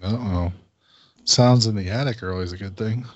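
A man in a casual movie commentary, calmly pointing out what happens on screen. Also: fairly low pitch, moderate pace, no room sound. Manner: laid-back, narrating what's on screen. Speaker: podcast co-host. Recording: dull lo-fi dry recording.

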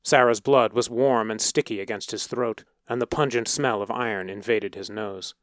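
A man narrating a story in a steady, measured reading voice. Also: fairly low pitch, no room sound, studio quality.

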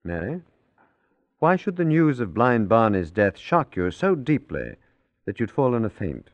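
A man's voice: medium pitch, sing-song, unhurried, no echo. An actor playing a polite, probing male detective in 1940s radio acting style. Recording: dull old radio recording.

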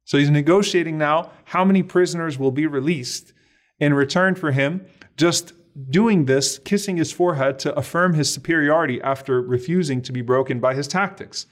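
A man's voice: a little high, normal speed. A man giving a religious lecture, earnestly and dramatically retelling a story and sprinkling in Arabic devotional phrases. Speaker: preacher.

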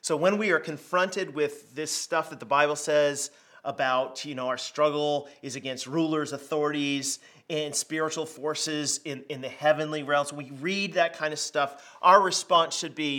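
A middle-aged man preaching a conversational sermon, telling stories in a lively, plain-spoken way. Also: on the high side, normal speed. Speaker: pastor.

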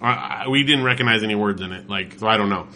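A man's voice: lowish voice, fast, bright, forceful tone. A man from California in casual chat, telling a story with enthusiasm and plenty of filler words.

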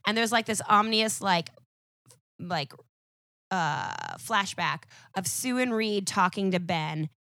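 A woman's voice: mid-range voice, wildly swooping pitch, takes it slowly, sharp tone, no echo, studio quality. A young woman guesting on a podcast, chatting casually in a rambling, laughing way full of "like". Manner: rambling, laughing, sprinkled with "like" and swearing.

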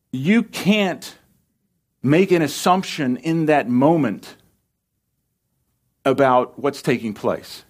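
A man preaching a conversational Bible sermon, emphatic, with animated asides to the congregation. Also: a little high. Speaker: pastor.

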